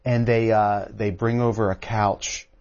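A male author guest on a call-in radio show, telling his history with lively energy. His voice sits a little low. He breaks off and restarts his sentences often, and the broadcast audio sounds dull and lo-fi. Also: unhurried. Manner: animated storytelling with many restarts.

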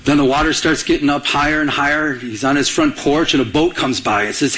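A man preaching a sermon in a conversational way, often pausing for the congregation to fill in words. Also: fairly high pitch, steady tone, pushed and bright, rough recording. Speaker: pastor.

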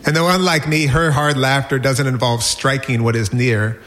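A man in his forties reading a personal essay aloud with wry, lively storytelling. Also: medium pitch, moderate pace. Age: 40s. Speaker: narrator.

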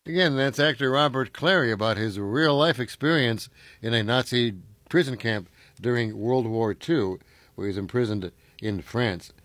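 A man hosting a radio talk show, talking in a relaxed, conversational way with fillers. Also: medium pitch, moderate pace, no room sound. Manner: conversational, uses fillers, chuckles easily. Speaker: radio host.

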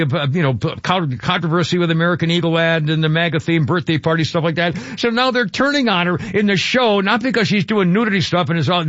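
Older male radio host, high-pitched, rambling and agitated, dull broadcast sound. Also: fairly bright tone, no echo. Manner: rambling, agitated, many fillers and restarts. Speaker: radio talk show host. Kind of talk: opinionated talk radio commentary.

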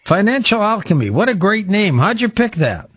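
A man's voice: sits high, big pitch swings, moderate pace, a bit bright, husky, dry recording. A man hosting a radio talk show, friendly and complimentary, asking short, simple questions. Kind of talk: late-night radio interview.

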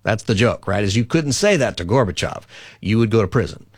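A male radio talk show host with a lowish voice, talking callers through his views in an earnest, explaining way, often doubling words as he thinks. The sound is close and dry, with no room around it. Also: animated, fairly quick, darkish tone, breathy edge, no room sound.

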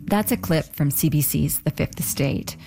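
Low-voiced woman hosting a documentary. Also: lively intonation, normal speed, creaky, dark tone, faint music behind. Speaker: radio documentary host. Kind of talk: scripted narration.

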